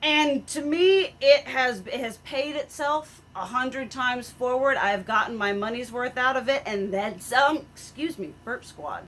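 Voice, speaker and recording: A woman's voice: high-pitched, a bit bright, slight background noise. A woman, chatting casually to camera as a beauty vlogger, rambling and emphatic with lots of filler words. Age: 30s. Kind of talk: casual product chat to camera.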